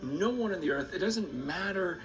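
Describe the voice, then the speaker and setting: A man preaching in a recorded sermon video, emphatic and passionate, his pitch swinging up and down. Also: lively intonation, moderate pace, rough recording. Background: music.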